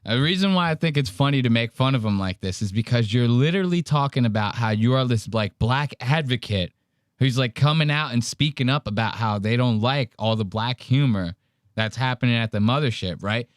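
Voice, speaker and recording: A man's voice: mid-range voice, animated, brisk, no echo, studio quality. A man giving crude, mocking commentary while reacting to clips on a live stream. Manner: crude, mocking, loose and rambling.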